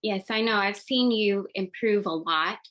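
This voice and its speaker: A woman interviewing her husband, asking questions gently and supportively. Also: medium pitch, a little slow, slight background noise. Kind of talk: personal interview.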